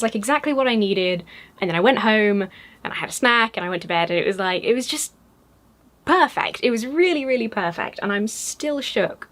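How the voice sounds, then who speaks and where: An English woman chatting in a casual vlog, gushing and excitable with lots of fillers. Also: medium pitch. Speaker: YouTuber. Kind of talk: casual chat.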